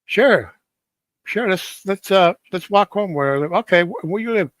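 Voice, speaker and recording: A man putting on a calm young ghost woman. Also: sits high, normal speed, dry recording, voice pushed up. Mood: inviting.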